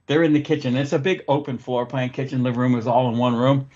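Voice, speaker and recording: A man's voice: mid-range voice, fast talker, lo-fi sound. A man hosting a podcast, telling stories in casual, profane chat. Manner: profane, animated storyteller. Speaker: podcast host.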